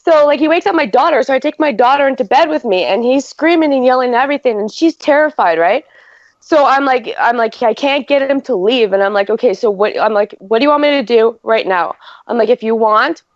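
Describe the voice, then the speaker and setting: A woman in her thirties from Canada tells a rambling story on a casual podcast, her voice sitting a little high. She piles on fillers and acts out quoted lines as she goes. The audio is dry and slightly dull, like a lo-fi podcast mic. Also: brisk, dry recording. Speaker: podcast co-host. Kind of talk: casual chat.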